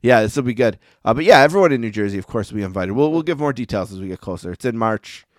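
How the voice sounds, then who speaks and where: This podcast co-host talks fast in a relaxed, meandering manner, using lots of filler words during casual chat. His mid-range voice has lively intonation, and the clean studio sound has no echo.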